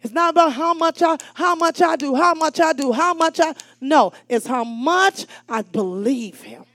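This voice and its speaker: A woman preacher delivers an animated sermon. She calls out to the congregation, swinging from shouts down to near-whispers. Her voice sits high, and the sound is dry and close with little room echo. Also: normal speed. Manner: animated and call-and-response, swinging between shouts and hushed asides.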